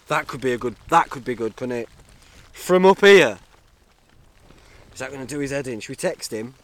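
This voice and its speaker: A man's voice: mid-range voice, fast talker, fairly bright tone, dry recording. A young man, rambling jokily through a solo podcast from inside a tent, talking into a camera-mounted mic. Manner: jokey, chatty, self-mocking. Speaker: podcast host.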